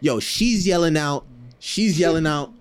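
A man's voice: on the high side, unhurried, clean tone. A man telling a story in casual podcast chat, talking loosely with plenty of slang and fillers and acting out the people he quotes. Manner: animated, acts out quoted voices, laughs often; loose slang-heavy talk with frequent fillers.

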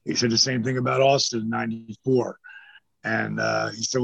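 A man's voice: medium pitch, normal speed, gravelly, no room sound, highs cut off. An older man, a former pro wrestler, telling rambling, profane stories as an interview guest, with lots of restarts. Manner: rambling, profane, animated storyteller with many restarts. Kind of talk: casual storytelling.

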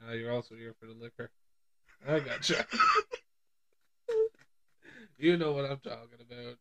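A man's voice: medium pitch, normal speed, a bit bright, voice pushed down, close to an everyday voice. A man voicing a goofy young male first-time inmate, teasing and jokey.

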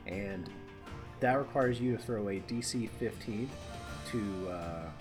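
Low-voiced man running a tabletop game. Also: takes it slowly. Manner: relaxed, loose narration with many fillers. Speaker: game master. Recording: music playing behind.

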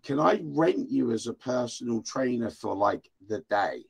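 An older man co-hosting a podcast in casual chat, crude and excitable, often getting loud. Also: mid-range voice, unhurried, vocal fry, slightly rough. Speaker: podcast co-host.

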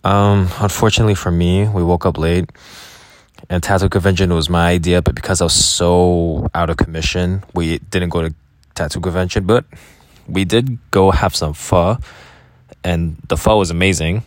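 A man's voice: deep voice, fairly even intonation, moderate pace, dry recording. A young man casually recounting his travels as a vlogger, rambling and correcting himself with many fillers. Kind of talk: casual spoken travel diary.

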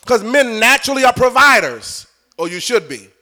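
A man's voice: very high voice, sing-song, normal speed, sharp tone. A middle-aged man preaching a live sermon in church, joking with and coaxing the congregation.

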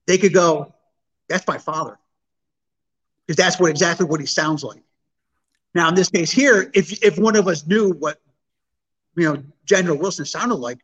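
A man's voice: high-pitched, a bit bright, highs cut off. A man, a paranormal investigator, talking casually and often restarting his sentences. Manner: halting, repeats words when starting. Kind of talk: casual chat.

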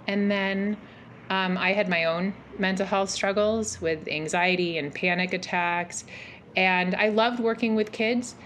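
A woman in her forties telling a personal story as a podcast guest, animated and rambling, with many fillers and restarts. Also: medium pitch, slight background noise. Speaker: podcast guest, mental health practitioner. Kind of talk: casual interview storytelling.

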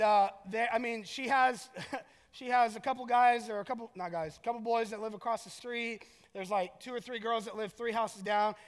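A man's voice: very high-pitched, a bit bright. A man in his thirties, a pastor preaching a sermon in a casual, joking storytelling way, in a large church hall.

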